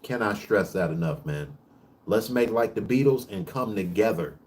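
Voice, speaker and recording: A man's voice: on the low side, expressive, darkish tone. Profane, preachy man ranting on camera. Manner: rapid bursts with frequent restarts. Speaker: vlog host. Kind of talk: casual monologue rant.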